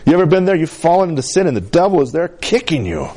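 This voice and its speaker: Lively-voiced preacher with a Colorado valley accent. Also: male voice, fast talker. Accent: San Luis Valley, Colorado. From San Luis Valley, Colorado. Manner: preaching with frequent "Amen?" calls to the congregation; swinging between emphatic highs and soft low asides. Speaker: pastor. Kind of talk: sermon.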